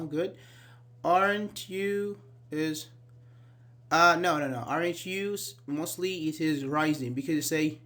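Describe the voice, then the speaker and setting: A man's voice: fairly high pitch, fairly bright tone. A man teaching an online English grammar class, explaining patiently, repeating key words and asking students questions, with many fillers like "actually".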